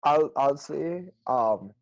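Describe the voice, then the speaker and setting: A man's voice: fairly high pitch, expressive, takes it slowly, gravelly, rough recording. A man co-hosting a casual podcast, speaking hesitantly with many fillers. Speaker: podcast co-host.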